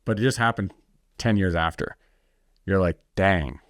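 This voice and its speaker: A man's voice: deep voice, normal speed, no echo, clean studio sound. A middle-aged man, an entrepreneur guest, telling his story bluntly and intensely in a podcast interview, swearing freely and acting out what others said.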